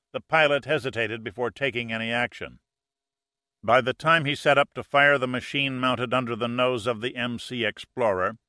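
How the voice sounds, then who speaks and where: Male audiobook narrator, bright tone, dry close recording, steady measured delivery. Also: mid-range voice, no echo. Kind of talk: scripted narration.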